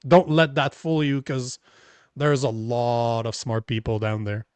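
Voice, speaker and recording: A man's voice: mid-range voice, little pitch movement, unhurried, darkish tone, smooth, no echo. A man with a French accent co-hosting a political talk show, blunt and swearing freely as he reads viewer comments. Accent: French Canadian. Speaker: podcast co-host. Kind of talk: casual political chat.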